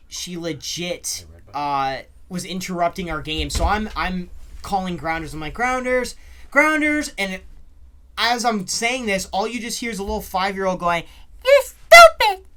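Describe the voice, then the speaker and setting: A young man co-hosting a casual podcast, telling animated stories with many fillers and bursts of laughter. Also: on the high side, a little hiss or hum. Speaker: podcast co-host. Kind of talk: casual chat, storytelling.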